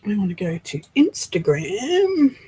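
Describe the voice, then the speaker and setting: An Australian woman hosting a casual livestream, excitable and breathless with frequent sighs. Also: mid-range voice, a little slow, a little hiss or hum, poor audio. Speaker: livestream host.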